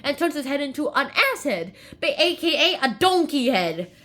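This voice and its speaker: A woman's voice: high voice, very animated, moderate pace, a bit bright. A young woman casually summarizing a play in a rambling, chatty way, often correcting herself. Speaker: video host summarizing a play.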